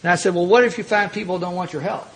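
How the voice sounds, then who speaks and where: A man's voice: sits high, quick pace, poor audio. An older man from Kentucky, speaking as an AA speaker, telling stories in a folksy, self-mocking way with frequent restarts. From Louisville, Kentucky. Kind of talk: storytelling talk at a recovery meeting.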